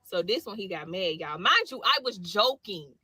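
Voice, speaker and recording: A woman soldier telling a story in a vlog clip, animated and slangy as she retells a dialogue. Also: medium pitch, moderate pace, breathy edge, no room sound.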